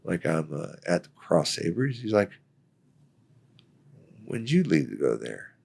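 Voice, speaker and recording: A deep-voiced man with a gravelly rasp in his low register tells a story. He jumps between himself and the others in it, playing out their dialogue with laughter breaking in. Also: slow pace. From Florida, United States. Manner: animated storyteller acting out quoted dialogue, laughs often. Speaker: guest, Army veteran. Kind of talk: casual storytelling.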